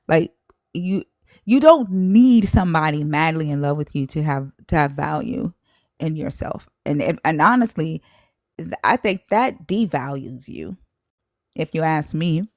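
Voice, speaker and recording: A woman's voice: sits low, measured pace, a little mellow, no echo, clean studio sound. A woman hosting a live stream, talking bluntly and frankly in casual chat, with restarts.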